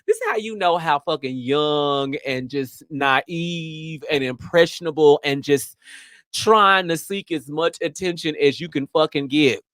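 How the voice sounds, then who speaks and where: A man's voice: a little high, fairly bright tone, no room sound, clean studio sound. A man hosting his show, telling a story in a brash, profane, sassy way. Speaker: host. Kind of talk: casual storytelling.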